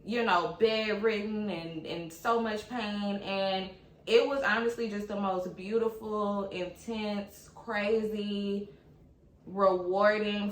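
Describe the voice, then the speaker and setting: A young woman speaks candidly and casually, chatting to her viewers like friends. Her voice sits at a middling pitch. The room around her rings with a noticeable echo. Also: slight background noise. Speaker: vlogger sharing her birth story. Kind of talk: casual personal storytelling to camera.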